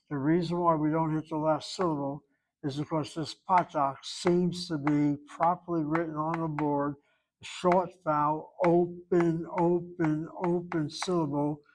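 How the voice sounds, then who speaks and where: Man, teacher, classroom lesson, slow and explanatory, repeats words, slightly high voice. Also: slight background noise, poor audio. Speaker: Hebrew teacher.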